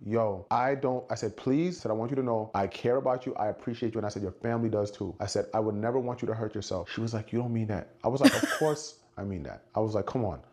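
A man telling an animated story and acting out the quoted lines of the people in it. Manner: acts out quotes, shifts pitch for dialogue. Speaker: storyteller in a played clip.

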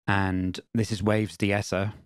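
A man teaching music production in a screen-recorded software tutorial, explaining in a plain, matter-of-fact way. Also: on the low side, flat delivery, slow pace, smooth, dry recording, clean studio sound.

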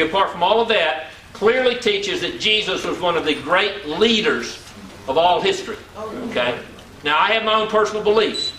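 A man's voice: high-pitched, pushed and bright. A man in his sixties giving an earnest motivational business seminar talk, repeating words for emphasis. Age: 60s. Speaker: seminar speaker. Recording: echoey hall, mic far off, faint ambient noise.

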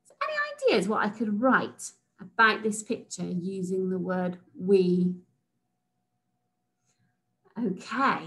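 Slow sing-song woman teacher. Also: medium pitch, very animated, low-quality recording. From England. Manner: slow, sing-song, sounds out letters and praises. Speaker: reception class teacher. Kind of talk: recorded phonics lesson for young children.

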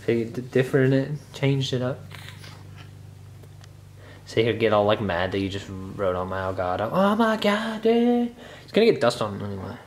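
A teenage boy vlogging casually in his bedroom, excited and slangy, saying "like" a lot. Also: lowish voice, moderate pace, pauses often, a little hiss or hum. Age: teens. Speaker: YouTube vlogger and streamer. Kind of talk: casual vlog chat. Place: bedroom with a streaming setup, indoors.

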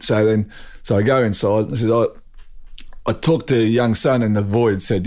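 A man's voice: fairly low pitch, steady tone, fast, darkish tone. Older Australian man spinning yarns. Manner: rambling anecdotes with laughs and restarts. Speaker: guest, drag racing champion. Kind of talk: casual storytelling.

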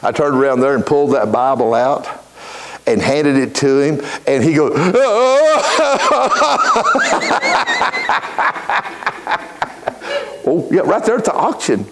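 A middle-aged man preaching a folksy storytelling sermon in church, building from easy anecdote into shouted fervor. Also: medium pitch, expressive, moderate pace, a little hiss or hum. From Texas.

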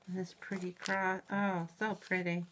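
A middle-aged woman opening a mail package in a home vlog, gushing and giggling, shaky with excitement. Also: on the low side, unhurried, noisy background. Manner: gushing and giggly, exclaims often. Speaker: YouTube reviewer. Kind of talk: unboxing vlog.

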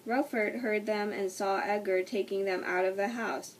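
A woman reads a children's storybook aloud at a middle pitch, careful and unhurried. She often stumbles and restarts her words. Her voice sounds distant from the mic, over a faint hiss. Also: fairly even intonation. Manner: slow, careful reading with frequent slips and restarts. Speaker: storybook reader. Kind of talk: reading a children's book aloud.

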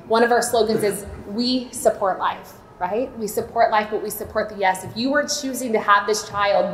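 This is a heartfelt testimony from a woman in her late thirties, a Florida maternity home director, addressing a church seminar. The hall is echoey with slight background noise, and her mid-range voice sounds sincere and candid.

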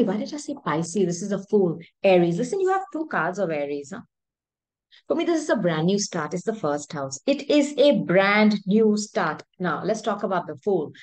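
A woman's voice: mid-range voice, a little mellow, poor audio. A woman giving a spoken tarot reading straight to her viewers, emphatic and rambling. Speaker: tarot reader.

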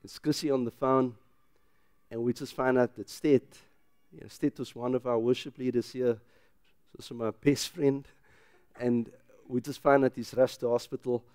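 A middle-aged man, a pastor who preaches with loud, emphatic rises and then drops into a quiet, personal telling. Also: mid-range voice, fairly even intonation, normal speed, clean tone, no room sound, clean studio sound. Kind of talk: sermon.

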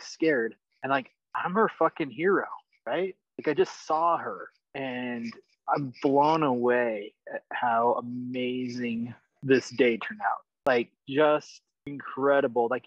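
A man calling into a coaching session, telling a personal story in a casual, excited way and swearing freely. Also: mid-range voice, no room sound, highs cut off. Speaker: caller on a coaching call. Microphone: online call.

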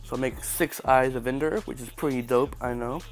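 A man's voice: mid-range voice, steady tone, normal speed, soft background music. A man with a stuffy, congested nose giving casual, joking and sarcastic game commentary. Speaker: gaming channel host.

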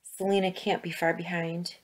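A woman's voice: lowish voice, little pitch movement, moderate pace, natural voice. A woman voicing a stern, watchful grandmother in a read-aloud storybook, with an urgent, commanding manner.

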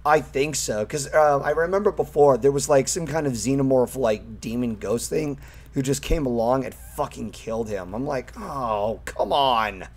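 A young man streaming a game, chatting casually, swearing often and squealing with excitement at thrilling moments. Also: mid-range voice, moderate pace. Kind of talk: casual gameplay commentary.

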